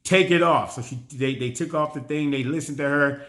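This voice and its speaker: A man's voice: mid-range voice, steady tone, brisk, a bit bright. A man giving a casual spoken review, animatedly retelling scenes with slang and frequent restarts. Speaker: TV show reviewer.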